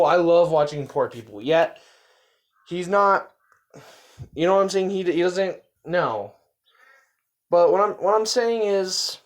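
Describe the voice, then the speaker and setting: A man giving casual reaction commentary, rambling with fillers and repeating himself. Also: high-pitched. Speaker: reaction video host.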